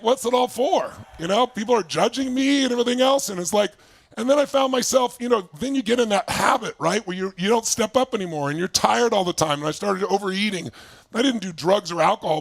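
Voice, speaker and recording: A man in his sixties with a high, gravelly voice gives an animated motivational talk, acting out past conversations as he tells his story. The sound is dry and close, with almost no room echo. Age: 60s. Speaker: motivational speaker. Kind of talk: motivational talk to an online audience. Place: home basement.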